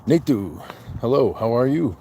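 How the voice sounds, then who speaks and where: A man hosts a casual livestream, joking, greeting viewers by name, reading chat comments aloud and counting his push-ups. His warm, mid-range voice is animated at a moderate pace, with slight background noise.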